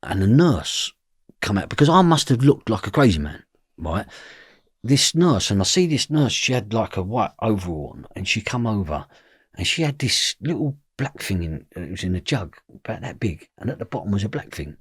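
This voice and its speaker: A man's voice: fairly low pitch, big pitch swings, moderate pace, husky, no room sound, studio quality. A middle-aged man, a podcast guest, telling his story intensely and bluntly, swearing and often asking if you know what he means. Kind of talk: intense first-person storytelling.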